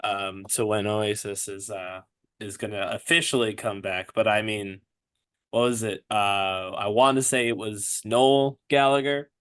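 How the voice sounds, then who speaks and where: A man's voice: lowish voice, steady tone, unhurried, a bit bright, clean tone. A man hosting a podcast in casual chat, rambling with lots of fillers and restarts. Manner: rambling, hesitant, many fillers and laughs. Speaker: podcast host.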